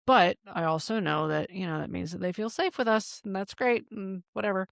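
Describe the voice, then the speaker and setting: A woman in her thirties co-hosting a podcast, telling a story in casual chat, animated and swearing freely. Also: lowish voice, fairly quick, creaky, no echo, clean studio sound. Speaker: podcast co-host.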